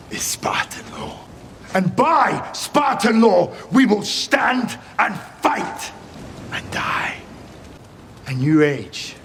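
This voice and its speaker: A man's voice: gravelly, fairly bright tone, a little hiss or hum, exaggerated voice. A fierce warrior king. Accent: Scottish. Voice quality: booming, declamatory. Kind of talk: film dialogue. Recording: film clip with music behind. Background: film score.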